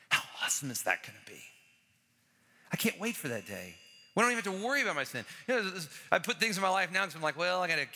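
A man preaching with a lively, swooping delivery and a bright, forceful edge to his voice. He hammers home phrases by repeating them and acts out the people in his story. His voice rings through a large church with a long reverb tail. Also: sits high, a little fast, long pauses. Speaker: pastor. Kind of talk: sermon.

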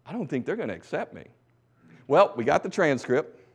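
A middle-aged man from the United States preaching a testimony sermon as a missionary preacher. He exhorts the congregation, swinging between hushed asides and loud bursts. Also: a little high, big pitch swings, normal speed, breathy edge.

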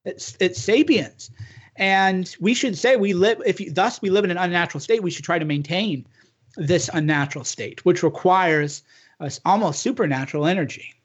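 A man with a notably high voice talks politics in an earnest, emphatic way and keeps restarting his sentences. The recording is dull and lo-fi, with muffled highs. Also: moderate pace, slightly rough. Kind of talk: casual political chat.

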